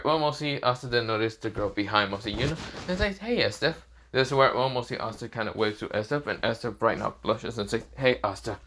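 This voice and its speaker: Speaking in a mid-range, slightly bright voice, this man rambles through an improvised fan story. He keeps falling back on the same fillers, such as "this is where, well, mostly."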